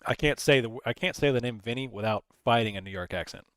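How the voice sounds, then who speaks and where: A man's voice: mid-range voice, quick pace, fairly bright tone, smooth, no room sound. A man hosting a casual live stream, rambling, reading chat messages aloud and talking through his trades. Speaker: livestream host.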